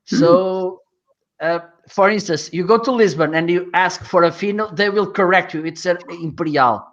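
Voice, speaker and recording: A man's voice: sits high, normal speed, fairly bright tone. Hesitant man from Portugal, muffled audio. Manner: searches for words, hesitant, many restarts. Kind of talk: casual group chat on a video call.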